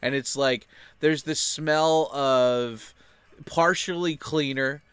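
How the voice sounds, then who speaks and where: Young man, casual rambling monologue, filler-heavy, smooth voice, dry close sound. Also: fairly high pitch, slow, fairly bright tone, dry recording. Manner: loose and chatty, heavy with filler words. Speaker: channel host.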